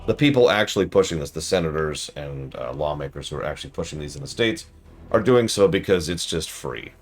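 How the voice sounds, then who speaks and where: Man, game streamer, sarcastic ranting commentary, low voice, lively pitch. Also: brisk, soft background music. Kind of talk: casual live-stream commentary.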